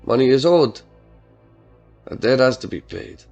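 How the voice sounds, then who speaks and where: A man voicing a menacing male cartel boss with a rough, throaty accent, speaking in a cold and threatening way. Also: medium pitch, lively intonation, a little slow, a little mellow, dull audio, faint music behind.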